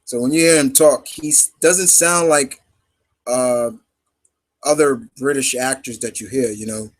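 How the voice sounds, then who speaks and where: Over poor audio, a man with a medium-pitched voice speaks unhurriedly while hosting a casual live Q&A stream. He rambles, with heavy fillers and frequent restarts.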